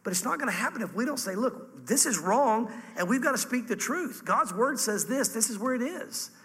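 A male pastor preaching a sermon fervently and emphatically, with sudden jumps up and drops down in pitch. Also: lively intonation, normal speed, a bit bright. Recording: long hall reverb.

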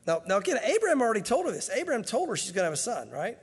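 High-voiced pastor in an echoing hall. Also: male voice, wildly swooping pitch, rapid-fire, breathy edge. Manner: conversational, with joking asides. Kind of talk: sermon, Bible teaching.

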